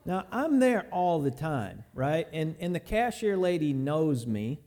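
Middle-aged guy preaching, folksy stories, higher voice, warm mellow tone. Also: sing-song. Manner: storytelling, folksy, slows to stress points. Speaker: pastor. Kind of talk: sermon.

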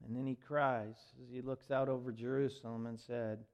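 A man preaching a sermon, swinging from loud proclaiming to hushed, tender lines. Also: medium pitch, flat delivery, normal speed, vocal fry. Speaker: pastor.

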